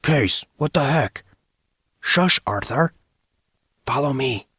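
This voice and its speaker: A man's voice: mid-range voice, animated, takes it slowly, sharp tone, breathy edge, no room sound, studio quality, pitched above the performer's own voice, exaggerated voice. A man voicing a brash, cocky teenage boy who talks in a teasing, exasperated way. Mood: urgent.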